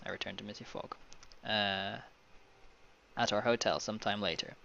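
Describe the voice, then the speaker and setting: A man's voice: on the low side, gravelly, fairly bright tone, highs cut off. A man reading game text aloud with casual commentary as a gaming video creator. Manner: casual, swears and laughs at the story.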